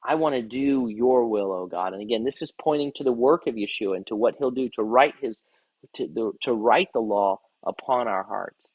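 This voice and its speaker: Earnest rabbi teaching scripture, husky. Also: male voice, mid-range voice, moderate pace, no room sound, dull audio. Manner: earnest, repeats words while reading scripture aloud. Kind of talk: devotional Bible teaching.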